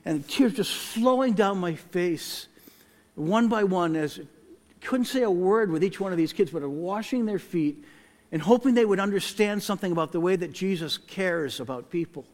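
A late middle-aged man preaching a sermon and telling a personal story in an earnest, reflective way, often dropping to a soft hush. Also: high-pitched, animated, normal speed. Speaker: pastor. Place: large church sanctuary. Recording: long hall reverb in a church.

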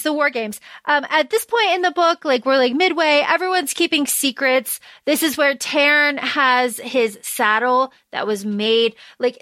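A woman co-host talks through a book in an eager, rambling way, full of fillers and restarts. Her voice is bright and a little high. The sound is close and dry, with no room echo. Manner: enthusiastic, chatty, lots of fillers. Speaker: podcast co-host. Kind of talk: casual book discussion.

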